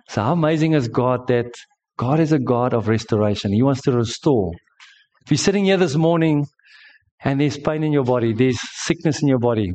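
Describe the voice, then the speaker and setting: A man's voice: medium pitch, darkish tone. A man preaching a sermon to a congregation. He tells stories emphatically and jokes with the listeners. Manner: storytelling, emphatic, joking with the congregation. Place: church service.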